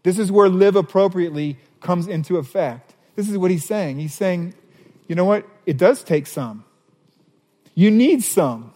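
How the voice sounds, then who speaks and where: A man preaching a sermon as a pastor, animated, reading scripture passages aloud. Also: sits high, unhurried, long reverb tail.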